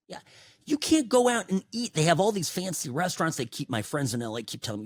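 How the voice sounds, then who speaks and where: Male talk radio host, middle-aged, opinionated monologue; lively pitch swings, loud bursts and low asides, dry studio mic. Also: brisk, no room sound. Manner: animated, sarcastic, swings between loud outbursts and low asides.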